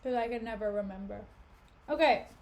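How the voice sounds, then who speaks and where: Casual woman streamer, high voice, slangy recaps. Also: fairly quick, a little mellow. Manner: chatty, slangy, recaps with asides. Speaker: streamer reading a play.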